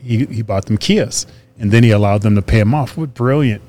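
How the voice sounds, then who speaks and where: With a fairly low, brisk voice, this man chats casually about his days as an officer and trainer, now retired. He brings his stories to life by performing the dialogue and breaking into laughter.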